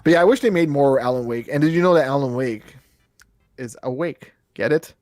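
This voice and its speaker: Chatting casually about video games as a podcast co-host, this man rambles and jokes, does silly voices and curses occasionally. His voice is mid-range, fairly quick and a little mellow, recorded in studio quality with no echo and faint music behind.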